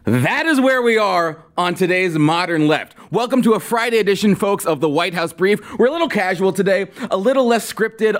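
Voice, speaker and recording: Animated sarcastic man hosting a podcast. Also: sits high. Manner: animated, sarcastic, fast-talking. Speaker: podcast host. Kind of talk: unscripted political commentary.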